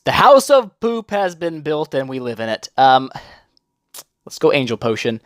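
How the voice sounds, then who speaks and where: Excitable, animated man narrating gameplay. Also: on the high side, a little slow, long pauses, no room sound, studio quality. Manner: excitable, jokey, reacts aloud to every turn. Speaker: mobile game video host. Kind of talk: casual gameplay commentary.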